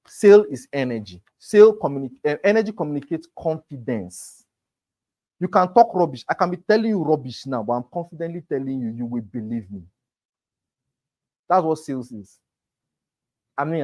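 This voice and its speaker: A man's voice: a little high, dark tone. A man teaching a sales class, emphatic and talking straight to his students. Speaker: real estate sales trainer. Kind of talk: motivational class lecture.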